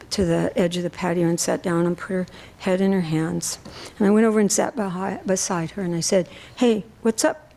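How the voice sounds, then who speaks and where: A woman, a science teacher, telling a personal story at a worship service in a halting way with many fillers. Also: lowish voice, gravelly, darkish tone, rough recording. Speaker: lay speaker sharing a reflection.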